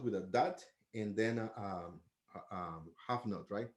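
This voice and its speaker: A man's voice: fairly low pitch, a little slow, dull audio, soft background music. Man patiently teaching trumpet articulation. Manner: patient, explains step by step, sings syllables to demonstrate. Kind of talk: music lesson.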